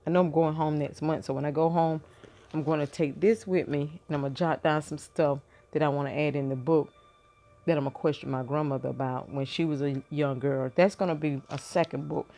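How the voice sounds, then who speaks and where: A woman's voice: sits low, steady tone, fairly quick, mellow. A woman in her fifties chatting casually to her viewers from bed, rambling and thinking aloud with many fillers and restarts. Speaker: vlogger. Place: in bed at home.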